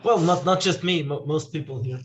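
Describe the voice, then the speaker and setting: A man from Portugal, a guest talking casually and pausing to search for words. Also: fairly high pitch, a little hiss or hum. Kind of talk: casual chat.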